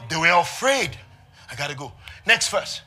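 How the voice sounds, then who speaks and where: A male pastor preaching an impassioned sermon, swinging between hushed asides and shouted passages. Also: a little high, sing-song, moderate pace, soft background music.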